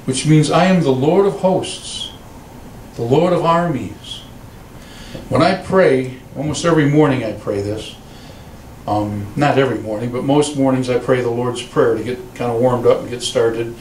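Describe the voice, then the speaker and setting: A man preaching as a pastor, telling stories and acting out quoted voices with lively delivery. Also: unhurried, echoey room, distant mic, slight background noise, rough recording. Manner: animated storytelling, voices quotes in a raised pitch. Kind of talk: sermon. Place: church sanctuary.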